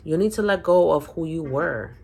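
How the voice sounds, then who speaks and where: Speaking at a moderate pace, this Spanish-accented woman reads tarot casually for her viewers in a low, slightly mellow voice with vocal fry. She rambles, frequently restarts and repeats phrases, and keeps asking "okay?"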